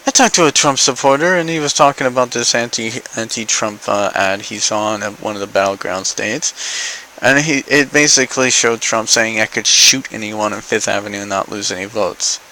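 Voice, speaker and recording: A man's voice: fairly low pitch, moderate pace, bright, forceful tone, a little hiss or hum, low-quality recording. A young man ranting in an opinion vlog, exasperated, sarcastic and profane. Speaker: vlogger.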